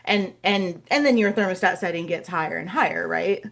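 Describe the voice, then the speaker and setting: A woman hosts a podcast interview at a medium-low pitch. She thinks aloud, repeats words as she searches for them, and often ends a thought with "right?". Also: fairly quick, vocal fry. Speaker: podcast host. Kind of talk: casual interview conversation.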